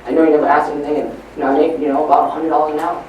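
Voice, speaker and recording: A man's voice: a little high, level tone, rapid-fire, darkish tone, a little hiss or hum, voice pushed down, close to an everyday voice. A man voicing a stressed, overworked wealthy businessman father in a live talk, recorded far off in an echoey hall. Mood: apologetic. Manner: snapping, then apologetic.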